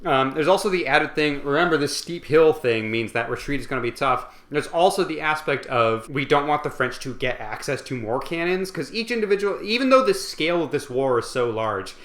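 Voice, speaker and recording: A tipsy man rambles through a comedic book summary, swearing freely and tripping over fillers. His voice is bright and forward. A roomy echo hangs on every line. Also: a little high, expressive, a little fast, few pauses. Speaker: host.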